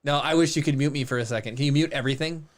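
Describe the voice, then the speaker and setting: A man in his thirties co-hosting a podcast, telling stories in a rambling, animated way. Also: a little high, racing, a little hiss or hum. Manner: rambling, animated storytelling with restarts. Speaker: podcast co-host. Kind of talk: casual chat.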